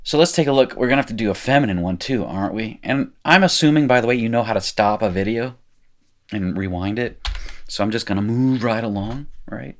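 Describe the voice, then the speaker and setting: A man's voice: on the low side, fairly quick. A middle-aged man teaching biblical Hebrew, working through exercises in a loose, self-correcting way while writing. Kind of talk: informal recorded lecture, working exercises.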